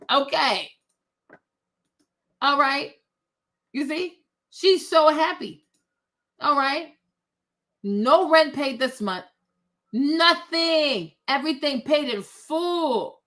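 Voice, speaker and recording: A woman's voice: high-pitched, pushed and bright. A woman hosting opinionated commentary, blunt and sassy, talking straight to her viewers. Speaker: commentary host.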